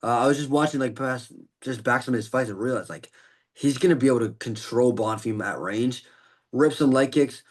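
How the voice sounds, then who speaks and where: A podcast host gives fight predictions in a casual, loose and rambling breakdown full of fillers. His medium-pitched voice moves briskly, yet he sounds tired and a bit out of breath.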